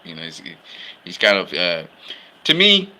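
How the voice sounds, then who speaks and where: A man's voice: low-pitched, huge pitch swings, measured pace, bright, forceful tone, slight background noise. A man talking casually about films he loves, in an enthusiastic, rambling way. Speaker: film fan commentator. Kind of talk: casual film commentary.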